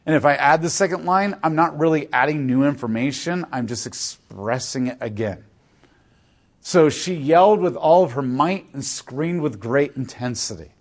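A man teaching a class in a casual, explanatory way, with frequent fillers. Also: mid-range voice. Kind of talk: classroom lecture.

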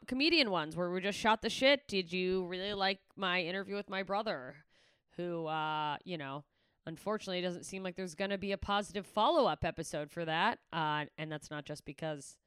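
A woman's voice: deep voice, fairly bright tone, clean tone, no room sound, studio quality. A woman comedian signing off her podcast in a candid, rambling way, swearing freely as she chats. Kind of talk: casual podcast sign-off chat.

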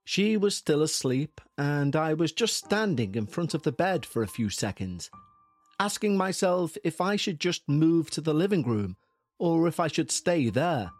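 Slow, measured male horror narrator. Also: a little high, very animated, soft background music. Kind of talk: scripted narration of a listener's horror story.

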